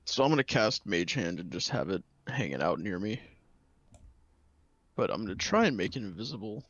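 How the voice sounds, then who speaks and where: Lively man on a dull, dry mic. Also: fairly low pitch, normal speed, breathy edge, dry recording. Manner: lively, explaining plans. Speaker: player. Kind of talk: tabletop game chat.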